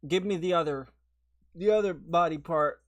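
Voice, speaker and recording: A man's voice: on the high side, normal speed. A man in casual banter beside a streamer, telling puns and mimicking voices. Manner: jokey, tells puns and does mock voices. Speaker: streamer's companion.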